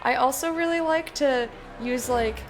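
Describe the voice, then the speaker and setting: A woman's voice: high voice, moderate pace, faint music behind. A woman streaming a game in casual chat, giggly and loose and swearing now and then as she talks with her viewers.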